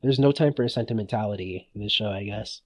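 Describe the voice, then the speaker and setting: A man co-hosting a podcast, chatting in an excitable, rambling way and laughing often. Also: fairly low pitch, fast, no room sound. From United States. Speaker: podcast co-host. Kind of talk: casual chat.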